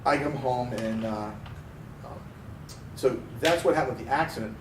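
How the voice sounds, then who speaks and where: A man from Pennsylvania, co-hosting a car podcast, telling a story in a casual, animated way and acting out the voices he quotes. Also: mid-range voice, normal speed. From Pennsylvania, USA. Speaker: podcast co-host. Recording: roomy, distant mic with faint noise.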